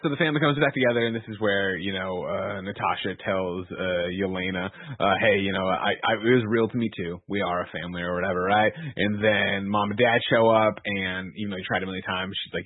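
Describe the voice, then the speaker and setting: A man's voice: lowish voice, fairly even intonation, fairly quick, slightly rough, no echo. A man co-hosting a podcast, casually recapping a movie scene by scene, rambling with filler words. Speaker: podcast co-host. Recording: phone-like narrow audio.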